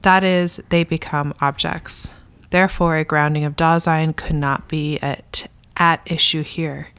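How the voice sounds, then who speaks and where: A woman reading a dense philosophy text aloud in a measured, deliberate way. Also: sits low, steady tone, fairly bright tone, clear, resonant tone, dry recording. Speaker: reader in a philosophy reading discussion.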